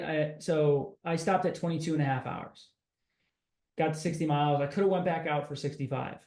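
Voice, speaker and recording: A man hosting a casual podcast, upbeat and energetic, talking like a buddy. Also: fairly high pitch. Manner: upbeat, energetic, says dude and bro. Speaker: podcast host. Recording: roomy echo.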